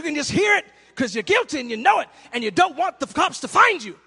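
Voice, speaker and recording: A man preaching a sermon, animated, acting out little scenes and shouting for emphasis. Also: very high-pitched, brisk, vocal fry, few pauses. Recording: long hall reverb.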